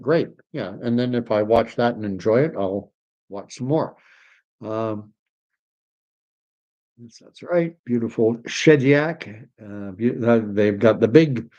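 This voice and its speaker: A man from Canada chats loosely on a livestream, reading out viewer comments and wandering from topic to topic. His voice sits a little low, and he sprinkles French words into his English. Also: a little mellow, muffled recording. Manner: rambling, reads viewer comments aloud, mixes in French phrases. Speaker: livestream host reading chat. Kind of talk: casual livestream chat.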